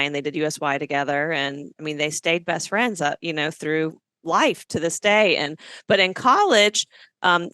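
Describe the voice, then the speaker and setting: A woman in her forties from Alabama telling family stories in an animated, casual podcast chat. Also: lowish voice, smooth, no room sound. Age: 40s. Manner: animated storyteller. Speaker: podcast co-host, guest.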